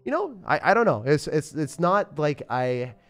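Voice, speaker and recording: A man's voice: a little high, very animated, moderate pace, fairly bright tone. A young man chatting casually and upbeat on a live game stream, rambling with lots of fillers. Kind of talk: casual live-stream chat while gaming.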